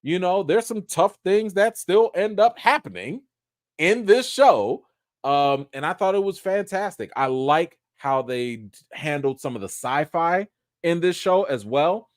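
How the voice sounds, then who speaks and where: Animated man hosting a livestream review. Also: a little high, unhurried, dry recording, clean studio sound. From Haitian family. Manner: animated, playful, talks straight to viewers. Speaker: host.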